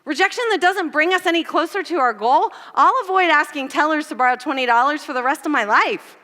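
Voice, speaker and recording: Woman preacher telling funny stories on herself, high bright voice, big echoey hall. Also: brisk. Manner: animated, self-mocking storyteller. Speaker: church speaker. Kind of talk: sermon with personal storytelling. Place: church auditorium.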